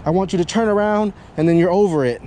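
A man working as a dog trainer, giving hands-on instruction in a kennel yard, animated and self-described dramatic, often checking in with a quick "yeah?". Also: high-pitched, slight background noise.

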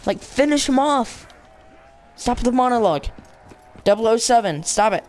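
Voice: mid-range voice, normal speed, slight background noise. Playful young game commentator. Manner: playful, excitable, chattering. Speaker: gameplay commentator.

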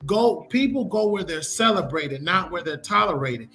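A man's voice: high-pitched, lively intonation, normal speed, bright, forceful tone. A man making his point emphatically in casual podcast talk. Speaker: podcast co-host.

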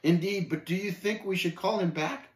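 A man's voice: sits high, normal speed, roomy sound, voice pushed up, close to an everyday voice. A man reading aloud and voicing a plain-spoken, earnest male pilgrim who speaks matter-of-factly. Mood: rueful. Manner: steady, matter-of-fact, earnest.

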